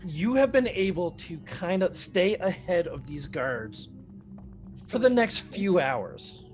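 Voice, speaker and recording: A man narrating a tabletop game as dungeon master, describing scenes in a steady, measured way. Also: high voice, soft background music.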